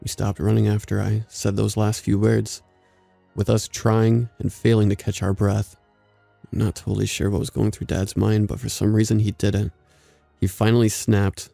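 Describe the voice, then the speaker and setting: A man narrating a scripted horror story in a steady, measured way. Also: fairly low pitch, gravelly, no room sound, soft background music.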